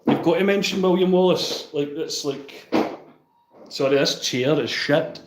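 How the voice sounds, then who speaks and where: A man's voice: a little high, a little slow, roomy sound, a little hiss or hum, rough recording. A Scottish man chatting casually with viewers on a livestream, reading out and answering their comments.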